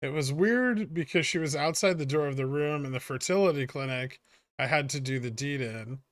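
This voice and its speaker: His voice sits on the high side at a normal speed, recorded dry. Hosting a casual livestream, he reads out viewers' messages and answers with jokey, irreverent quips and plenty of swearing.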